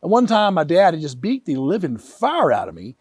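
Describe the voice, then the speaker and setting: A man in his fifties, an author telling personal stories in an earnest, animated way. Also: on the high side, brisk, breathy edge, dry recording, studio quality. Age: 50s. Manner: animated, earnest, vivid retelling. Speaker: author and guest. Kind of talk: emotional personal storytelling.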